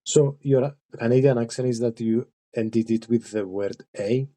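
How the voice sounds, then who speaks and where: A podcast host asking questions in a halting way, restarting and repeating words. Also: male voice, mid-range voice, dark tone, no room sound. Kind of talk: casual chat.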